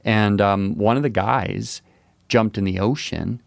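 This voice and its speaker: A man's voice: fairly low pitch, unhurried, creaky, no room sound. A man co-hosting a podcast, telling rambling stories in a laid-back, joking way. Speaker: podcast co-host. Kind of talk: casual chat.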